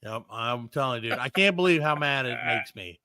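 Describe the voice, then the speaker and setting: A man's voice: mid-range voice, lively intonation, fairly quick, sharp tone, smooth, no room sound, clean studio sound. A middle-aged man hosting a comedy podcast, ranting with plenty of swearing and telling exasperated stories. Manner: profane, ranting, exasperated storytelling. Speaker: podcast host. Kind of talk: casual comedy podcast chat.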